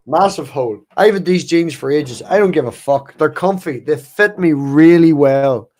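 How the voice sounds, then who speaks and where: A man's voice: on the high side, moderate pace, a little mellow, no room sound. A man hosting a casual online chat, joking around and swearing freely. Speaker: streamer host.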